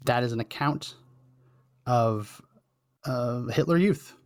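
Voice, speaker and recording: A man's voice: medium pitch, slow pace, darkish tone, dry recording, clean studio sound. A man hosting a political commentary show, talking in an impassioned, emphatic way and repeating phrases for effect. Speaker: podcast host.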